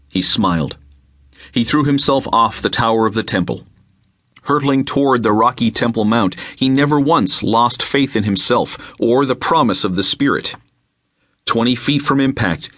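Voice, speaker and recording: A man reading an unabridged novel aloud, with measured, dramatic storytelling into a close mic. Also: medium pitch, a bit bright, no echo. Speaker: audiobook narrator. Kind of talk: scripted narration.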